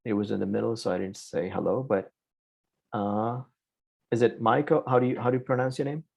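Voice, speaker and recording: Male coding instructor with a low, gravelly voice; talks through each step and keeps checking in with "right?". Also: steady tone, brisk, darkish tone. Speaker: programming instructor. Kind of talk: live online coding lesson.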